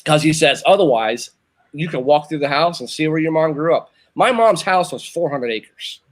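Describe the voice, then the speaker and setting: The speaker is a show host in his fifties from Northern Virginia, his voice fairly high and animated at a moderate pace. He's telling a long personal story in casual chat, rambling, repeating himself, and restarting sentences as he goes.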